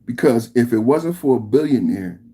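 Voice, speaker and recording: Man, podcast host, husky voice, lively pitch, emphatic slangy rant. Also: normal speed. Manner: animated, emphatic, slangy, repetitive. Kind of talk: political reaction rant.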